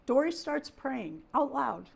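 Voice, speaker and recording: A middle-aged woman with a voice a little higher than most, chatting casually as a livestream host. She tells her story warmly and freely, in a homespun, heartfelt way. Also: big pitch swings, slow pace, creaky, husky. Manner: chatty storyteller, talks with feeling.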